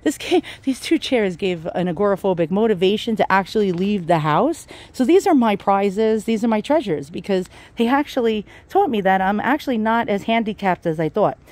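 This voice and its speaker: A woman's voice: mid-range voice, expressive, moderate pace, hardly any pauses, a little mellow. A woman vlogging casually while out of breath, rambling, laughing and swearing freely. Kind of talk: casual home vlog.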